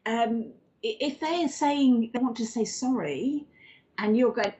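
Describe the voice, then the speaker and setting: A woman's voice: a little high, animated, moderate pace, warm tone. A woman co-hosting a live psychic medium show, chatting and giving readings, calling viewers darling and lovey. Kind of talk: live spiritual reading and chat. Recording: dull lo-fi livestream audio.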